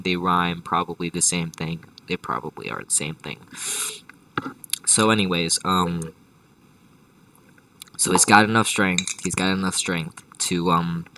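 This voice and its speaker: A man's voice: low-pitched, sharp tone, dry recording, distant mic, poor audio. Man, improvised comic storyteller, rambling, profane, lots of restarts, dry room. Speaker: storyteller host.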